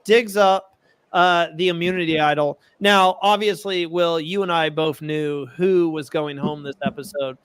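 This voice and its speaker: Excitable guy co-hosting a podcast, high voice, dry close mic. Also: a little slow, smooth, dry recording. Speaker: podcast co-host. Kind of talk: casual chat.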